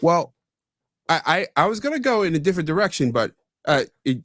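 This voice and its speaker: A man's voice: on the high side, big pitch swings, fairly quick, fairly bright tone, dry recording, clean studio sound. A man hosting a casual interview, hesitant and encouraging, with short replies. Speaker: podcast host.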